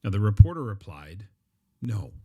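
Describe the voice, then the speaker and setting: Talking alone on his podcast, this middle-aged host has a lowish, very animated voice and a brisk pace. His delivery is conversational, peppered with ums and uhs, and he often restarts what he's saying.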